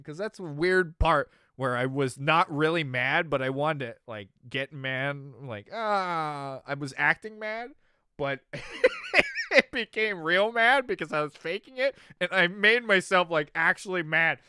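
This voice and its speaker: A young adult man chatting casually on his stream, telling stories animatedly, swinging from mumbles to loud exclamations, laughing and swearing freely. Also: fairly high pitch, animated, unhurried, clean tone, no echo. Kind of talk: casual chat.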